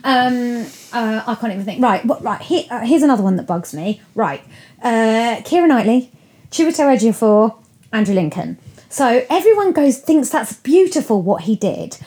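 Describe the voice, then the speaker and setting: A woman hosting a podcast, chatting about films in an animated way with frequent laughter. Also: a little high, moderate pace. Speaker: podcast host. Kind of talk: casual film chat.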